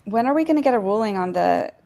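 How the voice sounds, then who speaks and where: A woman's voice: medium pitch, expressive, fast, gravelly, mellow. A woman guest on a casual online panel chat, blunt and dismissive in her comments.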